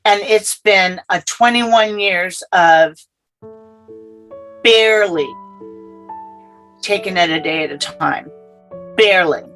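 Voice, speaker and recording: Slow-talking woman recounting a life story. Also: fairly low pitch, a bit bright, soft background music, low-quality recording. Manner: earnest, halting, repeats herself. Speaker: interview guest. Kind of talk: personal storytelling.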